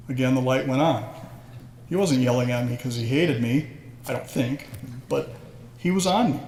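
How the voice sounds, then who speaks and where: A man's voice: medium pitch, normal speed, creaky, pauses often, slight background noise. Man in his 60s telling stories. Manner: humorous, self-deprecating storytelling. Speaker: hall of fame inductee giving a speech. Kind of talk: storytelling speech. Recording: echoey hall with faint ambience.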